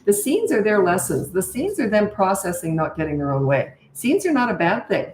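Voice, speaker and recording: Her mid-range, darkish voice swings widely in pitch at a normal speed, with slight background noise and a roomy echo in the recording. A middle-aged parenting coach, she answers viewer comments live, bluntly and directly, often saying "okay?" or "right?".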